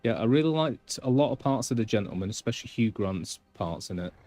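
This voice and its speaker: A man's voice: fairly low pitch, animated, fairly quick, mellow. A man with a Northern English accent chatting casually on a live stream, rambling and blunt. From England, between Manchester and Yorkshire.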